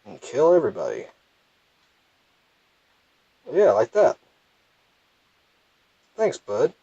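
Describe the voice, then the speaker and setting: A man's voice: mid-range voice, wildly swooping pitch, slow, dark tone, slightly rough, dry recording, highs cut off. A young man with a thick Southern US accent, rambling and self-deprecating as he comments casually on his gameplay. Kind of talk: casual let's play commentary.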